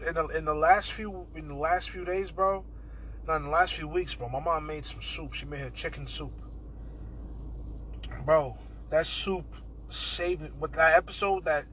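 A young man with a high, bright, tense voice rambles through a casual podcast monologue, swearing freely and tossing in "bro" constantly. A faint hiss sits under the recording. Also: rough recording. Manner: rambling, profane, keeps saying "bro". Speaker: podcast host.

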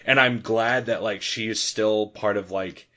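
Laughing often, a male podcast co-host chats casually and animatedly about a film in a relaxed movie review. His fairly low voice sounds pushed and bright, with fairly even intonation and a slightly slow pace.

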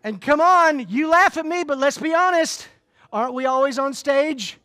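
A middle-aged Southern man speaking in a conference room, telling animated, folksy stories. His Southern US drawl carries the jokes, and he moves quickly from quiet reflection to lively comedy as a keynote speaker. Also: very high voice. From Florida, US. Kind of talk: humorous motivational speech. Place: conference room before a live audience.

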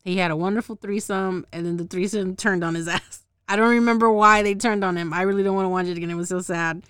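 A woman with a mid-range, clear, resonant voice that's a bit bright recaps a show for her podcast at a quick pace, her intonation fairly even. She rambles, swears, laughs often, and forgets names and details, recorded in studio quality with no echo.

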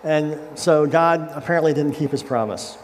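A pastor with a higher-than-average voice gives a relaxed, conversational sermon at a moderate pace, retelling a scripture story in plain language and checking in with his congregation. The church sanctuary recording is echoey with faint ambience and a slight hiss or hum.

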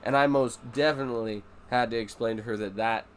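Swearing dad hosting a casual podcast. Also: male voice, medium pitch, steady tone, brisk, a little hiss or hum. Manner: swears a lot, acts out his kids' voices. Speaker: podcast host. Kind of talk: casual chat.

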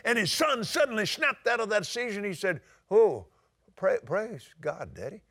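An older man preaching a sermon in a folksy storytelling way, now and then rising to a shout. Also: high voice, sing-song, normal speed, creaky.

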